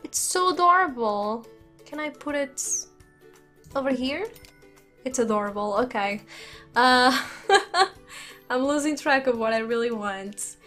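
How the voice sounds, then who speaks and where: A woman's voice: high voice, expressive, unhurried, long pauses, sharp tone, soft background music. Giggly young woman narrating a life sim. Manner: giggly, chatty, laughs often; talks to game characters and viewers. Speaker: gaming channel host. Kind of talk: casual let's-play commentary. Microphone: desk condenser mic.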